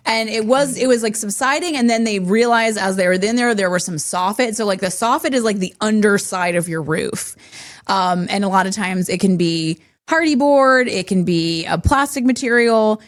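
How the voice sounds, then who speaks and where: A woman co-hosting a podcast, telling a homeowner's story in casual chat, animated and quick to laugh when stressed. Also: medium pitch. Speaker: podcast co-host.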